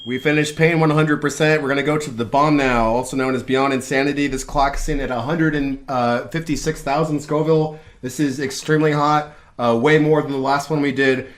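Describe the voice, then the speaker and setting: Rambling male host, halting speech. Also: a little high, a bit bright. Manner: halting, rambling, full of fillers and restarts. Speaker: host of a hot wings interview parody. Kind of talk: casual interview chat.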